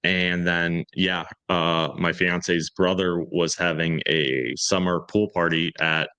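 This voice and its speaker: A man's voice: low voice, fairly even intonation, slow, bright, forceful tone, smooth, no room sound, highs cut off. A man in his thirties telling a rambling, self-deprecating story in casual podcast chat and acting out the quoted lines. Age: 30s.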